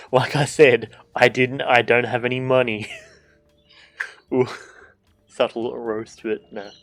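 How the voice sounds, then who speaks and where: A man's voice: medium pitch, little pitch movement, slow, long pauses, fairly bright tone, soft background music. A man streaming a game, chatting casually, joking and swearing, and reading the game's dialogue aloud. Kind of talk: casual gameplay commentary.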